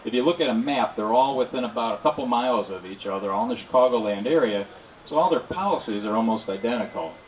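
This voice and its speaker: Fast-talking man at an outdoor rally. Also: medium pitch, a little hiss or hum. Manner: rapid, conversational, repeats "again". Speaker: politician speaker. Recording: distant, dull lo-fi outdoor recording.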